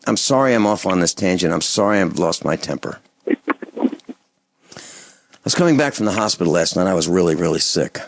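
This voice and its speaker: A man's voice: expressive, a little fast, creaky, long pauses, dry recording. Indignant male radio host, dry sound. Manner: impassioned, indignant, swings between loud outbursts and low muttering. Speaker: radio talk show host. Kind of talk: call-in radio talk, ranting monologue.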